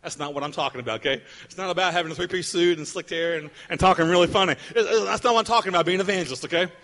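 A man preaching a sermon as pastor, driving his points home through repetition and moving between loud, emphatic stretches and low, quiet ones. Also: very fast. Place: church sanctuary. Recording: long hall reverb.

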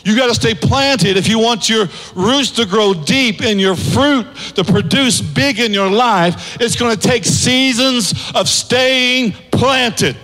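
A pastor in his fifties preaches in a large church, animated, his pitch swinging widely and rising to shouted peaks. He speaks slowly with few pauses, and the recording carries a long hall reverb.

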